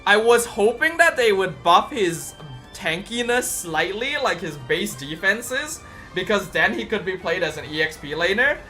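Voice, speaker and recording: A game streamer reviewing patch notes live, voice bright and sharp, pitch bouncing all over as excitement spills into shouted exclamations. Soft music plays faintly in the background. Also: measured pace. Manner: excitable, bursts into loud exclamations.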